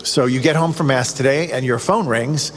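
A man preaching a sermon in an earnest way, asking the listener questions and growing excited. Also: medium pitch, moderate pace. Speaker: priest or preacher on a radio show. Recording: long reverb, faint ambient noise.

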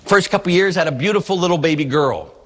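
A man preaching a sermon as a priest, with a slightly husky, fairly high voice that swings widely as he tells stories. He acts out the people he quotes, and a long reverb trails his words as in a large hall. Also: expressive, fast. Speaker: Catholic priest.

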